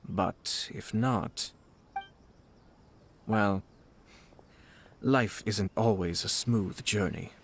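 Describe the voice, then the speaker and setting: In a video game, an actor voices a young noble commissioner who is poised and courteous, speaking formally, politely and in measured fashion. The male voice is fairly low, with game music behind it.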